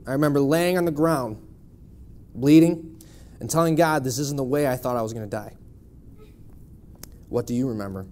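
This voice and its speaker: A man's voice: medium pitch, moderate pace, long pauses, darkish tone, slight background noise. A man in his thirties from Buffalo, New York, giving a personal testimony in church with a wry, conversational storytelling manner. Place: church sanctuary.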